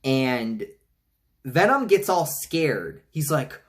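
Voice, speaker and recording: A man giving a casual trailer reaction, rambling with many restarts and some swearing, and mocking lines in high-pitched voices. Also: very animated, very slow. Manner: rambling, frequent restarts and profanity. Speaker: movie reviewer.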